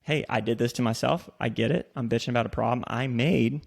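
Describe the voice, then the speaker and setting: A man's voice: mid-range voice, steady tone, brisk, gravelly. A man co-hosting a podcast in casual chat, joking and swearing freely. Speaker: podcast co-host. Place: in Austin.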